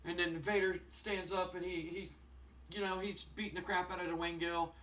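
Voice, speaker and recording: Young man, game commentary, bright voice, rambling, slightly distant from the mic. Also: high-pitched, moderate pace, slight background noise. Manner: excitable, rambling, many fillers. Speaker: gaming channel host. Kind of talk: casual let's-play commentary.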